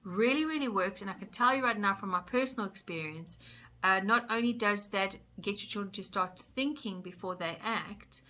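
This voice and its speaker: A woman's voice: mid-range voice, normal speed, sharp tone. A woman parenting coach giving tips straight to camera in an upbeat, enthusiastic way. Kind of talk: direct-to-camera tips video.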